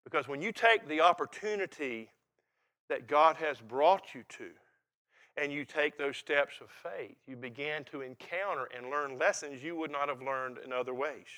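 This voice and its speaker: An older man delivers a sermon with a folksy, emphatic manner, moving between hushed reflection and loud bursts. His voice sits a little high, with a bright, forceful edge. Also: moderate pace. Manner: folksy and emphatic, swings from quiet to loud and laughing. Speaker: preacher.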